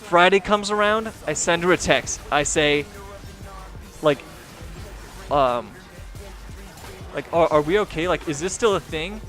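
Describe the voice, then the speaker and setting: A man's voice: fairly high pitch, measured pace, long pauses, fairly bright tone, soft background music. Rambling young man telling a story. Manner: rambling, heavy on filler words and profanity. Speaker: gaming streamer and video host. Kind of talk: casual storytelling.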